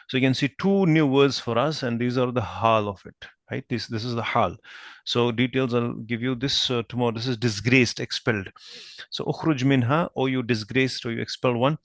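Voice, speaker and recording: A man teaching Arabic grammar in a patient, repetitive way, often checking with "right?" and spelling out verb forms slowly. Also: medium pitch, no room sound. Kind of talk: online grammar lesson.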